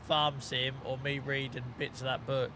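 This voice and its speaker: A man's voice: medium pitch, flat delivery, normal speed, bright, forceful tone, slight background noise. A man giving casual, joking commentary while streaming a farming game, rambling and laughing often.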